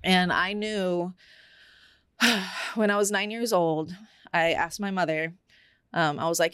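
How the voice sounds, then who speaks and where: A woman's voice: fairly low pitch, measured pace, long pauses, a bit bright, clean tone, dry recording, clean studio sound. A young woman on a podcast, candidly telling a personal story in casual chat, with many fillers. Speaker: podcast co-host.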